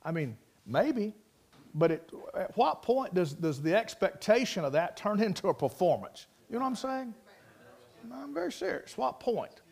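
A man's voice: sits high, very animated, moderate pace, vocal fry, a little mellow, slightly rough. A man, preaching a sermon in a folksy, rambling, plainspoken way full of stories. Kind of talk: sermon with storytelling.

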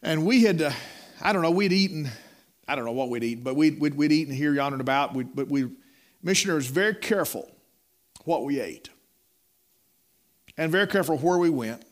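A man's voice: a little high, brisk, long pauses. A middle-aged man preaching a sermon in a folksy storytelling way, repeating words and calling listeners "my friend.".

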